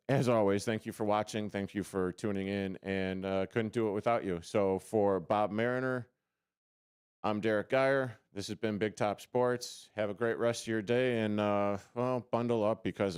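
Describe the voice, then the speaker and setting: A man's voice: fairly low pitch, normal speed, darkish tone, smooth, no room sound. A man hosting a casual sports radio show from a studio, rambling and joking at his own expense with lots of fillers. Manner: rambling, self-deprecating, many fillers and restarts. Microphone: studio microphone.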